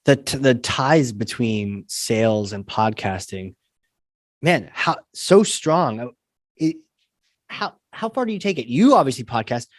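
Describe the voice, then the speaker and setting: A man's voice: medium pitch, lively intonation, measured pace, dry recording. Dry-sounding male podcast host. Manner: short affirming interjections and easy questions. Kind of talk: casual interview chat.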